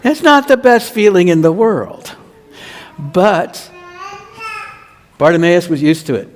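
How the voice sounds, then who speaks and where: A male pastor gives a children's sermon, taking his time over each phrase and stopping to ask the kids questions. His voice sits a little high for a man. The sound rings out with the long reverb of a church. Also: very animated, a little hiss or hum. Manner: slow, storytelling, asks children questions.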